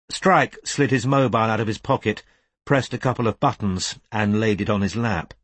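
A man reads an audiobook in a calm, measured voice that slows at quiet moments. His tone is slightly husky, and the recording is dry and close. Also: on the low side, no room sound. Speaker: audiobook narrator. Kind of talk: scripted narration.

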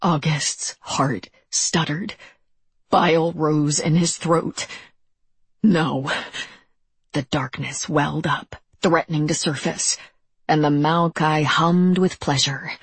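Slow, breathy audiobook narrator. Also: mid-range voice, no room sound. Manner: measured, even dramatic reading.

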